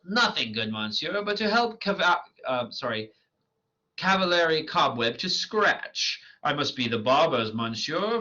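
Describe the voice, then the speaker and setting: A man's voice: a little high, sharp tone, pitched above the performer's own voice, exaggerated voice. A man reading the part of a foolish male weaver with a donkey's head, in a boastful, bumbling manner. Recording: lo-fi dull recording.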